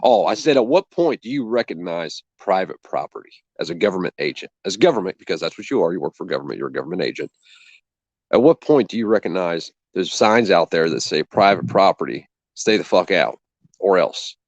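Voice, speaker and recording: A man with a fairly low voice tells a story in a casual, indignant way, swearing freely and acting out what each person said. The sound is dull and lo-fi, dry and close, with no room around it. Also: big pitch swings, fairly quick, no room sound. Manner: indignant, profane, acts out both sides of a conversation. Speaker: channel host.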